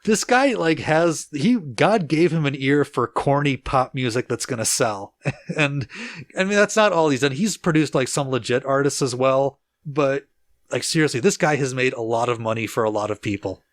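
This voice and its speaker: A man's voice: medium pitch, normal speed, no echo. Chill guy narrating band history on a podcast, talks loose with lots of "like", dry close sound. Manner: relaxed storyteller, laughs easily, lots of filler "like". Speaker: podcast co-host.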